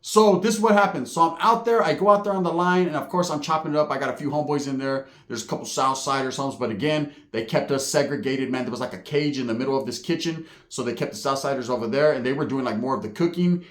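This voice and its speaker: A man's voice: mid-range voice, fast, hardly any pauses. A man who is a former inmate, telling a story casually in profane street slang. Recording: echoey room.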